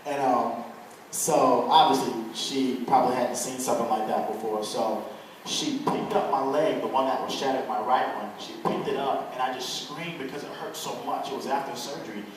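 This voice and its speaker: A young man shares his testimony in an earnest, halting way, full of fillers and restarts. His voice sounds distant from the mic, in a very echoey room with a faint hiss behind it. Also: medium pitch. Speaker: guest telling his testimony. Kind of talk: personal testimony to an audience.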